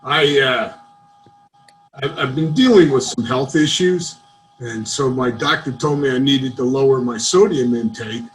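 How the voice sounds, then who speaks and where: Male comic, dry one-liner delivery, mid-pitched voice, video-call sound. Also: a little slow, a little hiss or hum, low-quality recording. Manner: dry setup-and-punchline delivery. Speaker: stand-up comedian.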